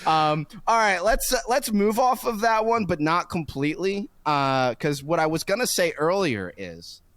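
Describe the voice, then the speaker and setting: A man with a fairly high, very animated voice, chatting casually as a podcast co-host. He rambles through stories, laughs often and stretches some thoughts out slowly. The sound is dry and close, with no room around it. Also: no echo. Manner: rambling, laughing, drawn-out storytelling. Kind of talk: casual chat.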